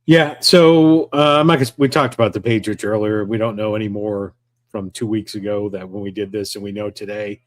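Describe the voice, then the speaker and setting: A man co-hosting a casual sports podcast, telling stories in an animated, irreverent, joking way. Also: on the low side, a little fast, no echo. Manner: animated, irreverent storytelling with jokes. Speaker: co-host.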